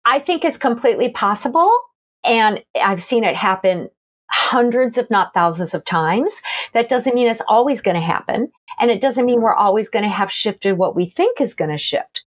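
A middle-aged woman, a guest author and energy healer, telling stories in a casual, animated conversation with frequent laughter. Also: fairly high pitch, moderate pace. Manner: animated, laughing, acts out quoted voices.

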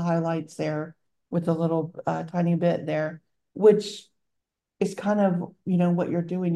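A woman with a Southern accent chats as a podcast co-host, her voice sitting a little low and dark in tone. She muses in an easygoing way and draws out her phrases. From Louisiana. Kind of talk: casual chat.

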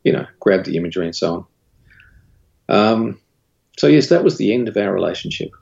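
Man, low gravelly voice, husky, candid interview guest, muffled lo-fi audio. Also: brisk. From Australia. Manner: candid, recounts dialogue with rising animated pitch. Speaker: guest, studio owner and creative director. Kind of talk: casual interview storytelling.

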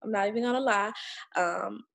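A woman with a husky, slightly breathy voice tells her story as a guest. She is blunt and emphatic, swears freely and acts out what others said to her, at a middling pitch. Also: brisk, fairly bright tone. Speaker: podcast guest sharing her birth story. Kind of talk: casual storytelling.

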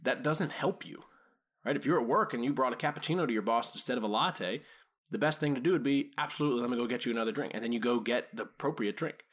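A man's voice: fairly low pitch, a bit bright. A man hosting a solo podcast on dog training, explaining ideas casually and acting out what his clients say. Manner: casual, explanatory, acts out quoted speakers.

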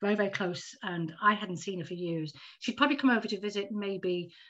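Woman, 50s, quick animated storyteller, dull lo-fi recording. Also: mid-range voice. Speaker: podcast guest. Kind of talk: casual storytelling chat. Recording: dull lo-fi audio.

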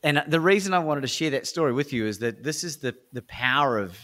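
Being interviewed on a podcast, an Australian coach and speaker spins animated stories in a bright, forceful, medium-pitched voice that runs a little fast. His motivational enthusiasm is punctuated by repeated fillers such as "right?".

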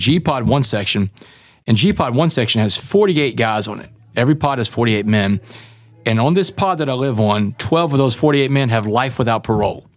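A middle-aged man tells his story candidly into a close microphone, and the sound is dry with no room echo. He acts out the people he quotes, keeps his pitch in a middle range and calls the listener "man" and "brother". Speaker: guest.

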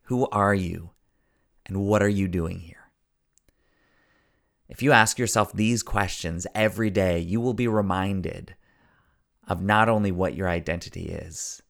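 Male podcast host and story coach, low, gravelly voice, earnest and preachy, repeats key lines for emphasis. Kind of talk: motivational podcast monologue.

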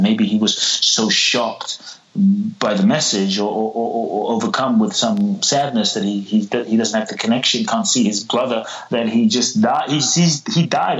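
A man tells a parable during a podcast interview, and his voice sits on the low side. He gets animated, often repeats words, and acts out the characters as he goes. The recording sounds a little dull and lo-fi. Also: measured pace. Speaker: guest, spiritual teacher.

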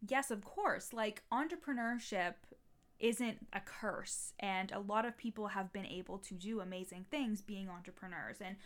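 A woman's voice: mid-range voice, normal speed. Chatty young woman podcast coach. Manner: chatty, heavy use of "like", occasional swearing. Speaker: podcast host and mindset coach. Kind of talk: solo podcast monologue.

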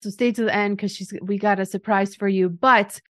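A woman hosting a podcast interview, a fitness coach who tells client stories in a lively, chatty way. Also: medium pitch, brisk, no echo, studio quality. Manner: animated, chatty, acts out clients' quotes.

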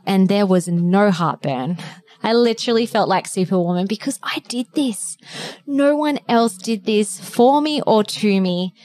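Earnest woman sharing a personal story. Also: medium pitch. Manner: earnest, emotional, storytelling with many fillers. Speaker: podcast co-host.

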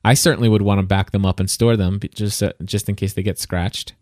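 A man's voice: fairly low pitch, steady tone, brisk, darkish tone, dry recording, studio quality. A man co-hosting a casual tech podcast, rambling and restarting his sentences in a playful way. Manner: rambling, self-interrupting, playful. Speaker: podcast co-host.

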